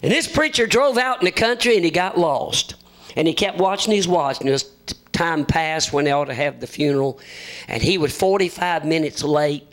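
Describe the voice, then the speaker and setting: A visiting preacher with a slightly high, fairly bright voice delivers a folksy sermon at a normal speed. He jokes his way through humorous stories, acting out the voices of the people in them.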